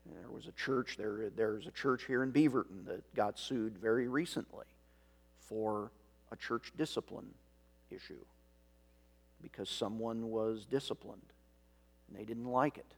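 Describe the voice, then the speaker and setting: A man's voice: lowish voice, vocal fry, slightly rough. Man preaching a reflective sermon. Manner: measured, reflective preaching with rhetorical questions; dry, self-aware asides. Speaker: pastor.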